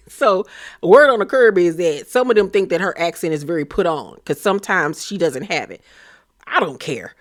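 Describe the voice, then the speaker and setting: A woman's voice: on the low side, lively intonation, normal speed. A woman giving a sassy, blunt, slang-filled casual recap of a reality show, laughing as she rants. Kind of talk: casual gossip recap commentary.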